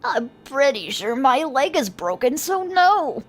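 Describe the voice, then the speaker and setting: A woman's voice: high voice, big pitch swings, slow pace, pitched above the performer's own voice, heavily acted. A woman voicing an injured man with a broken leg who states his troubles in a dry, matter-of-fact way. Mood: wry.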